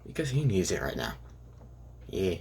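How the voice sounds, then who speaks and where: A young man casually narrating an improvised fan story, rambling and halting with many fillers and restarts. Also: sits low, sing-song, gravelly, darkish tone, a little hiss or hum.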